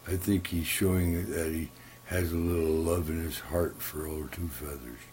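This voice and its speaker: An older man telling folksy stories in a slow, halting, soft-spoken way with many fillers. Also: extremely low pitch, fairly even intonation, slight background noise. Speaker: storyteller. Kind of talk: casual folksy storytelling.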